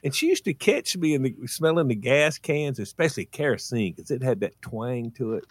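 Casual male radio regular, rambling storyteller, very lively pitch, dry close sound. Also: moderate pace, husky, no room sound. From rural United States. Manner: animated, rambling anecdotes with self-corrections.

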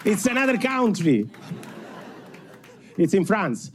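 A man's voice: high voice, big pitch swings, slow pace. A man from Italy with a strong Italian accent doing a self-mocking stand-up comedy set on a club stage, chuckling between punchlines. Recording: faint crowd and room noise.

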